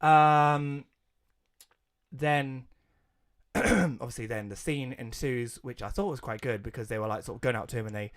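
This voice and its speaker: A young English man co-hosting a relaxed podcast, talking at an ordinary middle pitch. He rants and swears as he recaps a film, slipping into quoted voices. His talk is loose and full of restarts. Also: a little slow, pauses often. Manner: ranting, swears, acts out quoted lines. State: coughing, something stuck in throat. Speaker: podcast co-host. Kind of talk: casual podcast chat.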